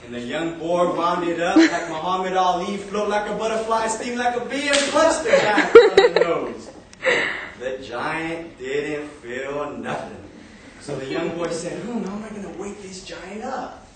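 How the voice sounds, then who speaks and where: A young man telling a comic story to a live audience, animated and often laughing. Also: fairly high pitch, measured pace, crowd noise. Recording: echoey room, far from mic, audience.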